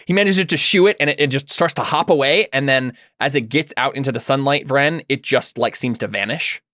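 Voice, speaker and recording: A man's voice: mid-range voice, a little fast, bright, forceful tone, no room sound, studio quality. A man narrating as game master of a tabletop game, rambling through descriptions with lots of fillers.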